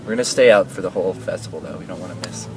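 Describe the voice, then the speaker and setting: Low-voiced, mellow man chatting. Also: very fast, far from the mic, background noise. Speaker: band member. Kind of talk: casual interview chat. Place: inside a parked van outdoors.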